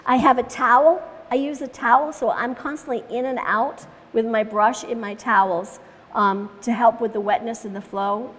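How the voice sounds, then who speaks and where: A woman's voice: on the high side, fairly even intonation, normal speed, fairly bright tone. A woman teaching watercolor in a live demonstration, chatting through each step as she paints and laughing easily as she tells stories. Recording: long reverb in a large room.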